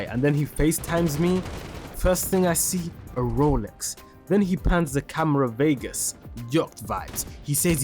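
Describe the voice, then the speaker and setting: A man's voice: on the high side, measured pace, a little mellow. A young man streaming a game and casually telling a story, full of slang, who breaks off now and then to react to the game. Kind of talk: casual storytelling over gameplay. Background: game music and gunfire.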